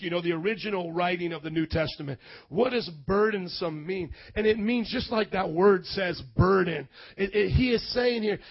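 A male pastor preaching a sermon in a church, shouting emphatically and calling for amens. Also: high-pitched, highs cut off. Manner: emphatic, shouting, call-and-response.

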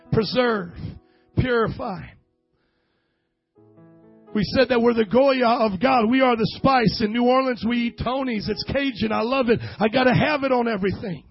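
A male pastor preaching a sermon with emphatic, call-and-response delivery and bursts of shouting. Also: extremely high pitch, creaky, husky, highs cut off.

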